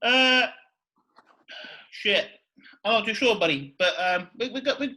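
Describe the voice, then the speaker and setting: Excitable, foul-mouthed male podcast host. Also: high voice, measured pace, poor audio. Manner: excitable, swears a lot, repeats "you know what I mean". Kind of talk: casual chat.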